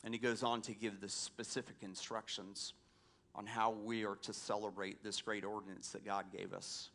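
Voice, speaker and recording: A man's voice: fairly low pitch, flat delivery, moderate pace, gravelly, a bit bright. A man from the American South, a pastor preaching a sermon with prayer and scripture reading, folksy and conversational with asides to the congregation.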